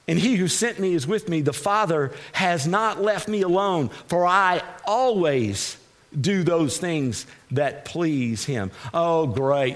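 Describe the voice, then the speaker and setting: A male guest preacher from Texas delivering a sermon in a church, swinging between shouted exhortation and quiet, confiding asides with repeated refrains. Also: fairly high pitch. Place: church sanctuary with congregation.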